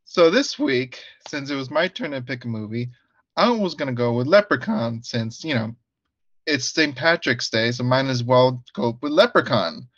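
A man from Guatemala co-hosting a casual movie review podcast, laid-back and quick to laugh. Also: medium pitch, animated, fairly bright tone, no room sound, lo-fi sound. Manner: laid-back, laughs easily, repeats himself. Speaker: podcast co-host.

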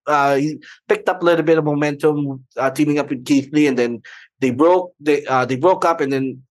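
A man's voice: a little high, fairly quick, dry recording. A man with a Filipino accent co-hosting a podcast, rambling through his thoughts with many fillers and Tagalog mixed into English. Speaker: podcast co-host. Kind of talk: casual podcast chat.

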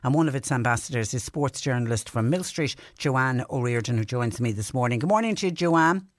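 A woman's voice: extremely low pitch, lively intonation, fairly quick, no echo. A woman hosting a radio interview in a chatty, friendly manner, speaking from a studio. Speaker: radio show host.

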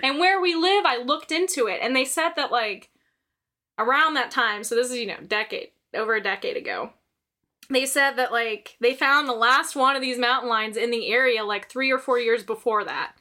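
A woman's voice: on the high side, moderate pace, bright, forceful tone. A young woman telling a story in casual podcast chat, swearing and laughing often.

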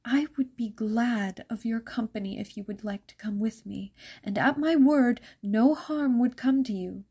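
Whispered role-play, woman doing a scared gentle young girl, breathy hushed voice, kinda far off, mellow and husky. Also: fairly high pitch, unhurried. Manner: soft, tearful, old-fashioned formal speech.

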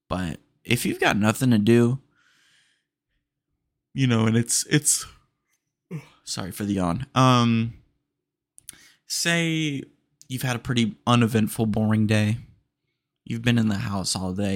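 A man with a low, gravelly voice hosts a solo podcast and rambles laid-back about his day. He talks close to his mic in an easygoing way and tosses in "dude" a lot. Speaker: podcast host. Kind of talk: casual solo podcast chat. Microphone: podcast mic close to the face.

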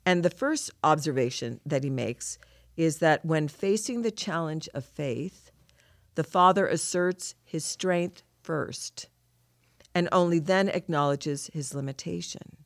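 A woman's voice: low-pitched, unhurried, no echo, studio quality. A woman co-hosting a scripture lesson, talking through a passage in an earnest, heartfelt way. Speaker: podcast co-host teaching scripture. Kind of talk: reflective scripture discussion.

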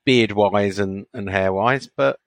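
A man's voice: on the low side, slow pace, no room sound. Man on a podcast, stammers and restarts, defensive, very dry close sound. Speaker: podcast co-host. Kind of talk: casual chat.

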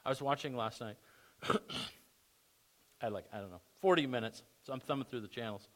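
A man's voice: medium pitch, moderate pace, a bit bright. A man preaching a sermon as pastor, conversational with emphatic bursts.

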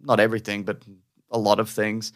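A man's voice: fairly low pitch, brisk. Joking man, podcast co-host. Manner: sarcastic, swears casually, animated mock voices. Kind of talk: casual chat.

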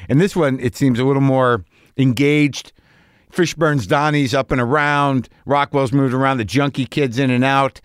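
A man's voice: mid-range voice, fairly even intonation, normal speed, smooth, no echo, studio quality. A middle-aged man hosting a podcast, talking in a rambling, self-deprecating way with frequent restarts and swearing. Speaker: podcast host. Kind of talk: casual monologue.

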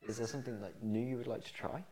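A man co-hosting a podcast, asking the guest questions in a quick, loose, casual way. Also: medium pitch, mellow, poor audio. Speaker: podcast co-host. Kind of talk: casual chat.

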